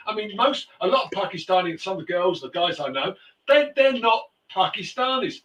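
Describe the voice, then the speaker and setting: A man hosting a talk show in a loose, rambling way, stopping and restarting his sentences. His voice sits a bit high and sounds forceful and bright. He is heard from a distance in an echoey room. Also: expressive, a little fast, dull audio. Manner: rambling storyteller, frequent restarts and fillers. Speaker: host. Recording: roomy, distant mic.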